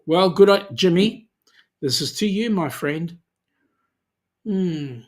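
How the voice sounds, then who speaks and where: A man's voice: high-pitched, animated, takes it slowly. An Australian man hosting a charity channel livestream in a casual, chatty way, reading viewer comments aloud and answering them.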